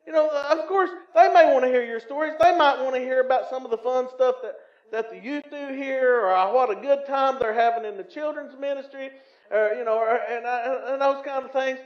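A Southern American man preaching a sermon as pastor, swinging from loud emphatic lines to quiet, low asides, in a church sanctuary. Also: moderate pace. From Tennessee. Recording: echoey, slightly muffled church recording.

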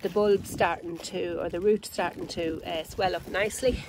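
An Irish woman giving a casual, unhurried walkthrough of her vegetable garden outdoors, chatty and full of ums and self-corrections. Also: fairly low pitch, fairly even intonation, noisy background. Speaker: home gardener and channel host.

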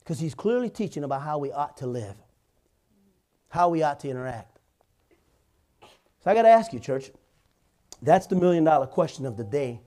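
A man's voice: on the high side, animated, normal speed, pauses often, mellow. A male pastor preaching in church, telling stories conversationally and building to emphatic points. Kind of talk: sermon.

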